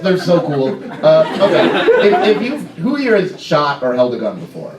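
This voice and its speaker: A man's voice: on the high side, wildly swooping pitch, recorded from a distance, over a noisy crowd. Young man, stand-up comedian, self-deprecating asides, roomy club, audience laughing. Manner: self-deprecating, quick asides and stumbling restarts. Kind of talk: stand-up routine.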